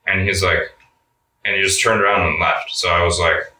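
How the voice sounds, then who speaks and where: A man's voice: low-pitched, fairly even intonation, fairly quick, pushed and bright, recorded from a distance. A young man telling a story in a laid-back interview, cursing a lot and saying "like" all the time. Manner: laid-back, swears a lot, says "like" often. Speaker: guest. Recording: roomy sound, mic set back.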